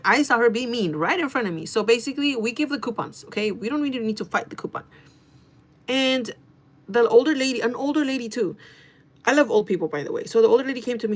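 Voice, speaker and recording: A woman in her thirties telling a workplace story to her viewers in a casual, animated, gossiping way. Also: a little high, fast. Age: 30s. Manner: animated gossiping with frequent swearing and laughter. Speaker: vlogger.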